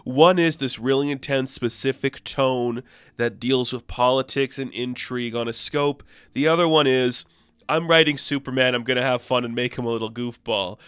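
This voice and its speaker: Brief: enthusiastic male comic reviewer, smooth clear voice, dry close sound. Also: medium pitch, moderate pace, a bit bright, no room sound. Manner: chatty, enthusiastic, laughs often.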